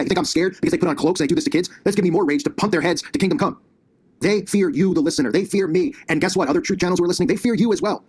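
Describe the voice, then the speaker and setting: A man's voice: fairly high pitch, breathy edge. A man hosting his own commentary channel, ranting combatively and sarcastically, recorded on a laptop in his basement. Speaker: conspiracy commentary channel host. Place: home basement.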